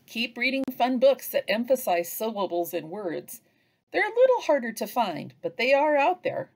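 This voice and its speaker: A woman giving an instructional training narration for early reading teachers, pausing to chant example phrases. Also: fairly high pitch. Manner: slow, lively delivery with chanted example phrases.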